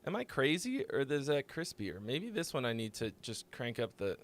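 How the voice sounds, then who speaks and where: A man's voice: medium pitch, sing-song, normal speed. A young man hosting a live music-critique stream, chatting loosely, rambling and swearing freely. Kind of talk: casual live-stream chat.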